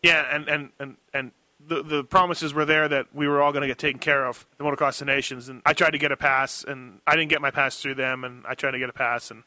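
A man's voice: mid-range voice, little pitch movement, quick pace, sharp tone, no room sound. A man co-hosting a casual show, chatty, laughing often and repeating his words as he talks. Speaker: podcast co-host. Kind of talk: casual chat.

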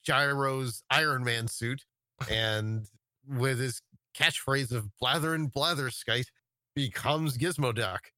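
A man chats casually as a guest on a podcast, dialled in over a video call. His voice is bright and dry, and he hesitates often, circling back with fillers and restarts. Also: medium pitch, dry recording. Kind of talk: casual chat.

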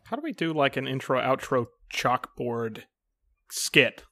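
A man's voice: mid-range voice, expressive, a little slow, loud music behind the voice. A man co-hosting a casual gaming podcast, joking and playful. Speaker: podcast co-host. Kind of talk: casual chat.

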